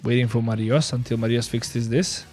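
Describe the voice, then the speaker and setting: A man hosting a casual live-stream about crypto trades, excitable and repetitive. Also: medium pitch, normal speed, soft background music. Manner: excitable, repeats himself, calls people bro.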